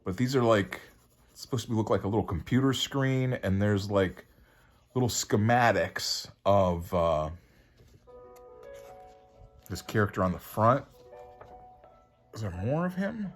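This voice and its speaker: A man's voice: on the low side, a little slow, long pauses, faint music behind. A man casually reviewing a comic book, rambling and laid-back with lots of fillers.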